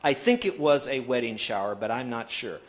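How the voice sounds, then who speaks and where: A man's voice: medium pitch, expressive, moderate pace. A pastor giving an emphatic sermon, leading his congregation in reading aloud together. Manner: emphatic preaching, leads the congregation in call-and-response reading. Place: church sanctuary.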